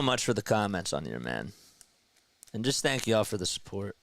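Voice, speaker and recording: A young man calling a baseball game play-by-play on his own stream, chatting with viewers between pitches. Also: very animated, normal speed, creaky, fairly bright tone, no room sound. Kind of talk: casual live play-by-play commentary.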